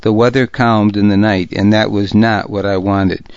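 A man narrating a historical novel in the first person, with a deliberate, gravely serious reading. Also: on the low side, flat delivery, a little mellow, dry recording, muffled recording. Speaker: audiobook narrator.

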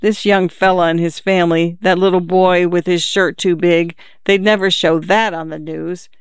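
An audiobook narrator reading a literary story in a measured, even manner. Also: mid-range voice, smooth, no room sound.

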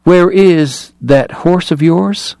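A man's voice: mid-range voice, animated, a little slow, darkish tone, no echo, clean studio sound, close to an everyday voice. A man voicing a sick, genteel male gambler-dentist who talks in a languid, clipped, polite way. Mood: earnest.

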